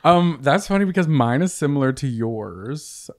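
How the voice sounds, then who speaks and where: A man's voice: on the high side, lively intonation, normal speed, a crowd in the background. Chatty storytelling podcast co-host man. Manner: chatty storyteller, quoting others animatedly. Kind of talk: casual chat.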